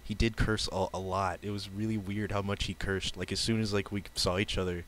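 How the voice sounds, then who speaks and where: A young man streaming, telling a story casually and haltingly, often breaking into giggles. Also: low voice, flat delivery, fairly bright tone, slight background noise. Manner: giggly, halting, lots of fillers.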